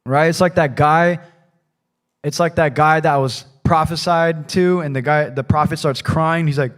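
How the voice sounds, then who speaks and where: A man's voice: on the high side, fairly even intonation, measured pace, soft background music. A man preaching a conversational sermon in a church, talking casually and loosely, often adding "like" and "right?". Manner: casual, rambling, peppered with "like" and "right?". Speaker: pastor.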